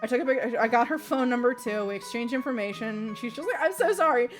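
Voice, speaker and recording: Young woman streamer, high voice, animated storyteller, swears a lot, faint music underneath. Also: fast talker. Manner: animated, swears freely, laughs mid-sentence. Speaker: livestreamer. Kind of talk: casual storytelling.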